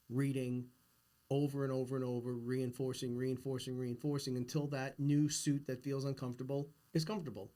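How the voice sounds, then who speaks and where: A man's voice: mid-range voice, darkish tone. A middle-aged man hosting a casual podcast conversation, talking earnestly and insistently about big ideas. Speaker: podcast host.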